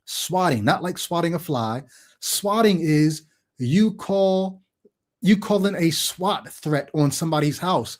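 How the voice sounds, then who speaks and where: Animated man hosting a call-in stream. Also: fairly high pitch, takes it slowly. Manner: animated storytelling, acts out quoted voices; talks to the chat directly. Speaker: call-in show host. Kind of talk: livestream monologue.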